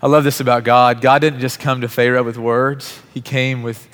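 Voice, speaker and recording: A man's voice: mid-range voice, little pitch movement, normal speed, fairly bright tone. A man in his thirties, a pastor giving a sermon in an earnest, conversational storytelling way. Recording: long hall reverb.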